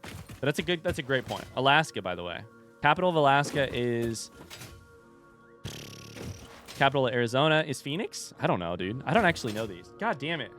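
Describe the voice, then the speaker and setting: A man's voice: medium pitch, very animated, fairly quick, long pauses, a bit bright, faint music behind. Rambling male streamer chatting casually. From United States. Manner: rambling, self-interrupting, joking asides. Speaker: streamer playing a game. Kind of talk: casual livestream chat with viewers.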